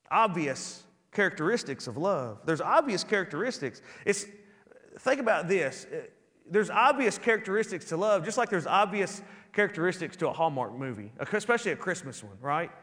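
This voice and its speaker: A man preaching a sermon as pastor, animated and acting out little everyday scenes in different voices, in a church. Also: high voice, long reverb tail. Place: church sanctuary.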